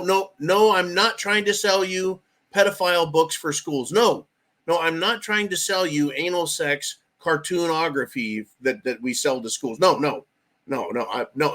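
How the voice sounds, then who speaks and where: A man mocking a smug official on a shakedown call, talking fast and wheedling and heaping on denials. The voice sits a touch high for a man. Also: a bit bright. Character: smug male government official caricature, shakedown caller.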